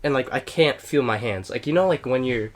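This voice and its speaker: A man's voice: mid-range voice, animated, brisk, a little hiss or hum. A young man telling a personal story on a casual podcast, rambling with many fillers and curse words. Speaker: podcast co-host. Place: home, playing a video game while recording.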